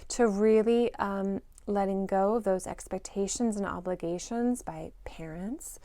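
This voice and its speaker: A woman giving a spoken intuitive reading to parents, gentle and reflective, musing aloud with fillers. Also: mid-range voice, fairly even intonation, a little slow, no echo. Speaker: intuitive reader.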